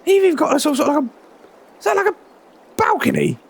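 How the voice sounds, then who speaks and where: A man voicing a cheerful, chatty male farmer neighbour in a game roleplay, with a raspy, wobbly voice full of admiring "oh"s. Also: very high voice, huge pitch swings, fast, voice pushed up, exaggerated voice. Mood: impressed. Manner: friendly, impressed, lots of "oh"s.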